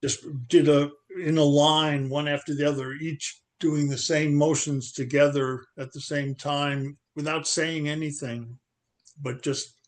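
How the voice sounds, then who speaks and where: A man's voice: on the high side, little pitch movement, a little slow. A man on a video call, telling a story in a plain, easygoing way. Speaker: participant. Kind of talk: casual video call chat.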